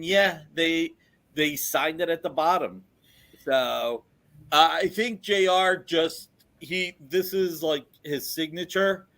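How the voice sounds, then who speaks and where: A man with a slightly high, very bright, forceful voice gives an eager pitch for comic art. He rambles casually with restarts. His delivery sounds sharp and energetic. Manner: enthusiastic, rambling.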